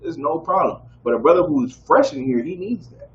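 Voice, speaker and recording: Here a man preaches a scripture lesson at a moderate pace, expressive throughout, getting the room to answer back as he keeps asking "y'all with me?" The sound is low-fi, dull, and roomy, with a little background noise.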